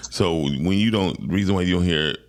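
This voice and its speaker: A man with a very low voice holds forth on a morning talk show. He argues emphatically and talks over anyone who tries to cut in. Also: normal speed. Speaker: co-host. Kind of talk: heated casual debate.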